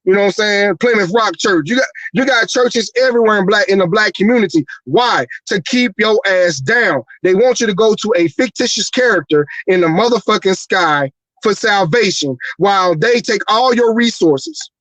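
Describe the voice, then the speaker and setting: A man's voice: sits high, animated, normal speed, fairly bright tone, no room sound, poor audio. Heated, profane man ranting. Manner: profane, heated rhetorical questions. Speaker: show host. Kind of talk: ranting livestream talk show.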